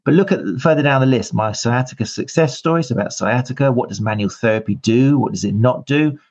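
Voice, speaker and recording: A podcast host with a mid-range, fairly quick, darkish voice introduces his guest on a casual live show and interview. He's chatty and rambling, leaning on many fillers, and the audio's highs are cut off.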